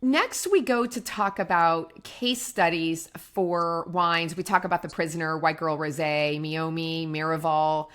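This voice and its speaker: Chatty low-voiced woman co-host. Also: steady tone, measured pace, few pauses, fairly bright tone, clear, resonant tone. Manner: chatty storyteller, acts out quotes. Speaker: podcast co-host and wine brand owner. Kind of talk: casual business chat.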